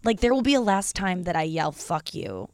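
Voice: medium pitch, expressive, quick pace, no echo, studio quality. A podcast host in their thirties, from the St. Louis area, talking in a candid, confessional, rambling way with lots of fillers. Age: 30s. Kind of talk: casual solo podcast monologue.

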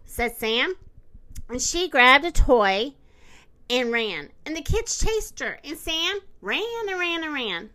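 Slow, sing-song woman reading a storybook. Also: fairly high pitch, animated, bright, forceful tone. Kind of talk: reading a picture book aloud.

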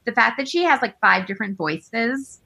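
A woman chatting casually, gossiping in an animated way with lots of "like" and playful impressions of people, in a high girlish voice. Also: moderate pace, gravelly, breathy edge. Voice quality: high girlish voice, self-described baby voice. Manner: gossipy, animated, heavy use of "like", imitates people. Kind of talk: casual chat.

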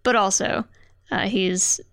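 A woman co-hosting a casual podcast, playful and teasing, often chiming in to agree. Her voice has a lot of vocal fry. She is recorded close and dry. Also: medium pitch, steady tone, slow pace, fairly bright tone, dry recording. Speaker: podcast co-host. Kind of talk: casual chat.

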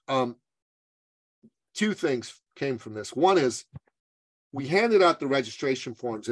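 A man, a business coach being interviewed, telling a story with lively acted-out quotes. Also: medium pitch, dry recording. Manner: animated storyteller, acts out quotes.

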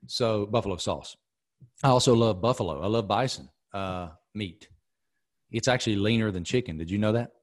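A man's voice: lowish voice, normal speed. A middle-aged man hosting a podcast, telling stories in a casual, emphatic way. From American South. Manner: animated storyteller, emphatic. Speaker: podcast host. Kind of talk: casual chat.

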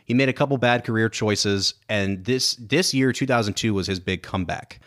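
A man's voice: fairly low pitch, moderate pace, a bit bright. A man co-hosting a casual film podcast, talking enthusiastically and analytically about a movie. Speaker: podcast co-host.

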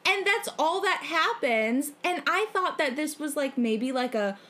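A woman's voice: sits high, expressive, a little slow, sharp tone. A young adult woman co-hosting a podcast in casual chat, explaining at length with many "like" fillers and free swearing. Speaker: podcast co-host.

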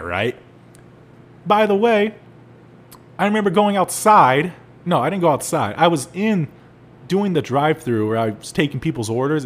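A young man hosting a solo podcast, telling stories animatedly with laughs and loud exclaims. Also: medium pitch. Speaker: podcast host.

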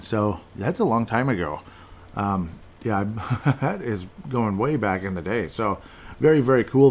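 A man with a fairly low voice hosts a casual solo podcast. He talks loosely, drifting into asides and filler words, with an eager fan's enthusiasm. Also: a little hiss or hum. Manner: enthusiastic fan talk. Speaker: podcast host.

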